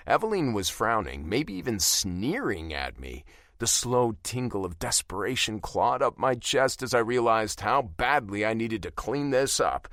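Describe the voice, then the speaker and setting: Brief: male first-person romance narrator, lively pitch, close dry studio sound. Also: a little slow, dry recording. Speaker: audiobook narrator.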